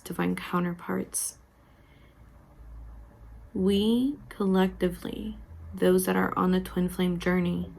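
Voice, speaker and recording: A woman's voice: lowish voice, gravelly. A woman giving a tarot reading, talking frankly and intimately to the viewer, with casual swearing. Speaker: tarot reader.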